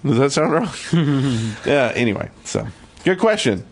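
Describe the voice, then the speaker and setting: A man's voice: medium pitch, very animated, measured pace. A man co-hosting a gaming podcast, reading listener emails in casual chat with laughing asides. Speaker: podcast co-host.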